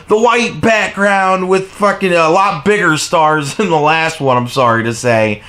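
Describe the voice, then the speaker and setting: Brief: male vlogger, furious sarcastic rant, swears constantly, high voice that swings wildly. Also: very animated, a little slow, few pauses. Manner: heavy profanity, sarcastic and mocking; exasperated, shifts between shouting highs and low mutters. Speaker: commentary vlogger. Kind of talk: angry political rant.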